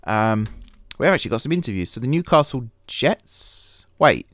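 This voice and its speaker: With a sing-song delivery at a moderate pace, a man rambles through casual let's-play commentary on a management game for his gaming channel, joking at his own expense with many fillers and restarts. His voice is medium-pitched and a bit bright, in a clean studio recording with no echo.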